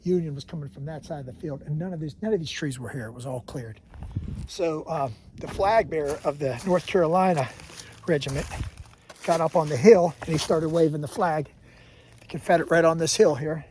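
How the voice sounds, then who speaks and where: A man's voice: a little high, brisk, darkish tone, a little hiss or hum. A man hiking outdoors on a mountain trail, talking casually about history to a handheld camera, rambling and often correcting himself. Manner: rambling, self-correcting storyteller. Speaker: hiking vlogger. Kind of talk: casual walking history talk.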